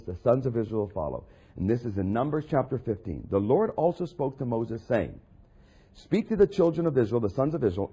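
A husky-voiced man delivers a sermon with a lively, rolling pitch. He drops low for asides and climbs high and loud when he acts out scripture. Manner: dramatic, swings from quiet asides to loud acted quotes of Jesus. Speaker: preacher.

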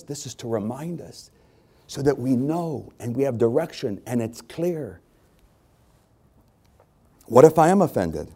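A man's voice: mid-range voice, expressive, unhurried, pauses often, mellow, husky. A male pastor preaching a conversational sermon to his congregation, repeating phrases for emphasis.

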